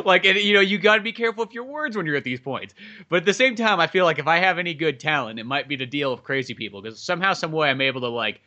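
A young man co-hosting a podcast, telling a story in casual chat and acting out the people in it with raised voices. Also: quick pace. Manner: animated, acts out people in his stories with high voices. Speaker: podcast co-host.

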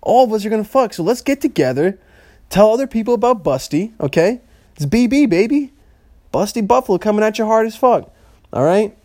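A man's voice: high voice, expressive, fairly quick, mellow, no echo, studio quality. A young man hosting a solo podcast, rambling and swearing freely and laughing at his own jokes. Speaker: podcast host. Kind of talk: casual solo podcast rant.

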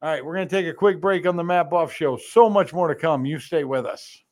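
Sarcastic higher-voiced male talk host. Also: a little fast, faint music behind. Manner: mocking, sarcastic. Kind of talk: political commentary.

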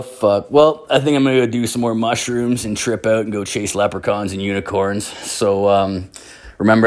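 A young man casually telling a rambling story, swearing constantly and acting out other people's voices. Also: lowish voice.

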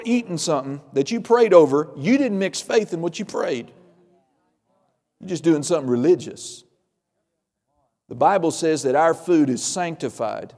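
A man's voice: on the high side, dark tone, big-room sound. A male pastor preaching a sermon, emphatic and repetitive, with folksy humor.

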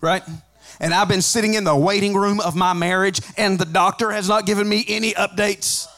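A man preaching a sermon as a pastor, mixing joking asides with rising, shouted, sing-song preaching. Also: high-pitched, steady tone, brisk, faint music behind. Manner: conversational asides with humor.

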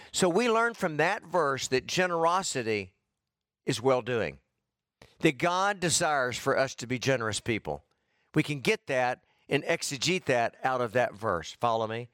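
A man preaching an expository sermon, talking conversationally with his congregation, calling on people by name and rising in pitch for emphasis. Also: no echo, studio quality. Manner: conversational, calls on congregants by name, frequent "okay?" checks; animated, rises in pitch for emphasis. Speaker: pastor.

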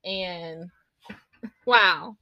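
A woman in her thirties talks in a casual, rambling way about her family, often breaking off to speak to her children. Her voice is bright with a slightly gravelly edge. The sound is dry and close. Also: on the low side, very slow, no room sound, highs cut off. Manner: rambling and chatty, breaks off to direct her kids. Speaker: mother recording a podcast vlog. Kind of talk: casual personal chat.

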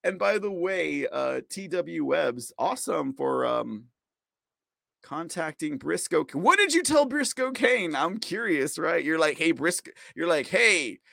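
A man's voice: on the high side, very animated, unhurried, creaky, bright, forceful tone, dry recording, clean studio sound. A man hosting a live podcast, rambling casually, mocking his targets with frequent laughs and reading viewer comments aloud. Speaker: podcast host.

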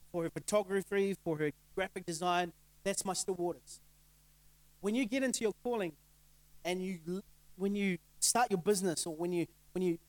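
A man's voice: high voice, dry recording, poor audio. A middle-aged male pastor giving a casual sermon, conversational and laughing often, asking the crowd rhetorical questions. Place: church.

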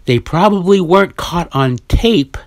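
A man hosting his own podcast, telling a story in a casual monologue and jumping in pitch when he quotes others. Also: expressive, a little slow, dry recording. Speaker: podcast host.

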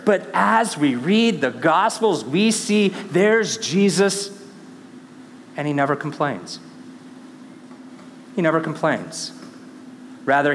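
A male pastor preaching a sermon, swinging between hushed, intimate lines and emphatic, rising passages. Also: mid-range voice, in a large hall, a little hiss or hum. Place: church sanctuary.

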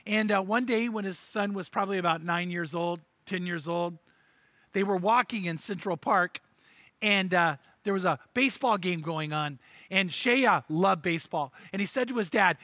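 A man's voice: sits high, moderate pace, pushed and bright, no room sound. A man preaching a sermon and telling a story, acting out the characters' lines with animation and repeating words as he goes.

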